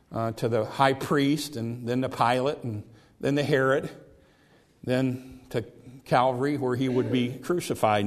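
An earnest man delivers a sermon in an ordinary middle-pitched voice. He often repeats words as he builds toward a point. He slows right down to stress the key phrases. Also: darkish tone. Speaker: preacher.

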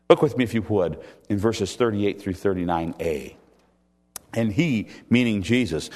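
Male pastor, sermon, very animated intonation, long hall reverb. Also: lowish voice. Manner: expressive preaching, rising to loud emphatic peaks. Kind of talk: expository sermon.

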